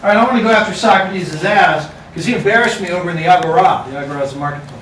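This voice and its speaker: A man's voice: high-pitched, racing, a bit bright, far from the mic, slight background noise. A man teaching a class, with a casual, joking lecture manner. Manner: casual, joking, talks to students. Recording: echoey classroom recorded from afar.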